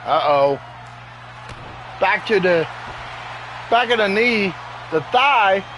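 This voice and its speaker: A man giving excitable play-by-play commentary over a wrestling video game at home, often exclaiming in alarm. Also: high voice, slow pace, over music, rough recording. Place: home with sleeping dogs nearby.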